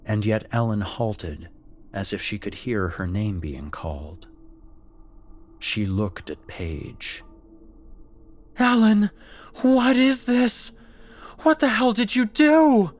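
A man narrating a scripted horror story in a measured, dramatic way. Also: sits low, slight background noise.

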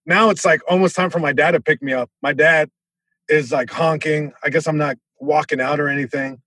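A young man tells a story on a podcast, acting out other people with sudden loud bursts. His voice sits a little high and has a husky grain. The sound is dry and close, with no room around it. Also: fairly even intonation, a little fast, dry recording. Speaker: comedian guest. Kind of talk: casual storytelling.

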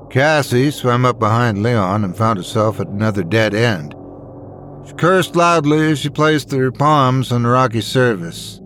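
A man's voice: medium pitch, animated, moderate pace, a bit bright, slight background noise. A man narrating a scripted horror story and doing all the character voices.

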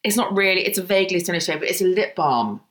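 A woman's voice: fairly low pitch, rapid-fire. A woman co-hosting a podcast, telling rambling stories in casual chat and laughing often. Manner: animated, rambling storyteller with frequent laughs. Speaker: podcast co-host.

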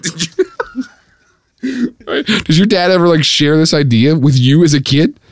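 A man's voice: fairly high pitch, very animated, unhurried, no echo, clean studio sound. A young man hosting a podcast in casual chat, often laughing as he tells his stories. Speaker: podcast host.

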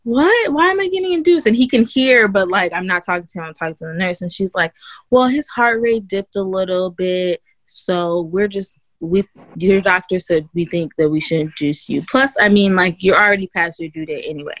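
A woman's voice: on the low side, normal speed, fairly bright tone, no echo. A woman guest on an interview show, telling her own birth story in casual chat, full of "like" and "you know" and restarts, and she acts out other people's lines in a raised voice. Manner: chatty, heavy use of "like" and "you know", many restarts.

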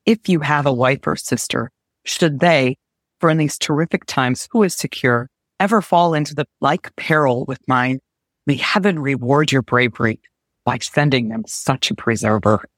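A timid young noblewoman who has just been rescued speaks earnestly and gratefully, as a woman reads her lines. Her manner is soft and sincere. The recording is close and dry. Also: rumbling low, normal speed, no echo.

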